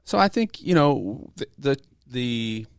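A man co-hosting a youth ministry podcast, telling stories in a relaxed casual chat. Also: medium pitch, slow, gravelly, clear, resonant tone, dry recording, studio quality. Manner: relaxed storytelling, easy laughs. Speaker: podcast co-host, youth pastor.

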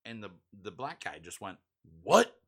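A man's voice: on the low side, normal speed, sharp tone. A man co-hosting a podcast, chatting casually and telling a rambling story full of restarts and asides. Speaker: podcast co-host. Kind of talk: casual chat.

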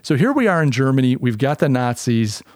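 A man's voice: medium pitch, big pitch swings, fairly quick, dry recording, studio quality. A man from the United States hosting a podcast, talking in a casual, opinionated, rambling monologue with frequent restarts. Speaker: podcast host.

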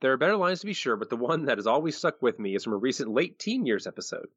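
A man's voice: mid-range voice, big pitch swings, fast talker, a bit bright, slightly rough, no room sound, dull audio. A man putting on a mock mob boss voice. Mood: mock gangster. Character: male mob boss quoted in a put-on gangster voice.

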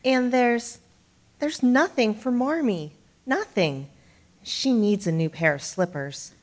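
An actress playing a shy, tender-hearted young sister who speaks softly and timidly. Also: female voice, a little high, animated, slow pace. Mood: worried. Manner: soft, timid.

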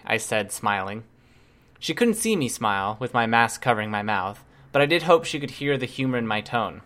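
A man narrating a first-person novel in an even, measured reading style. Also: medium pitch. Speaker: audiobook narrator. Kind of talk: scripted narration.

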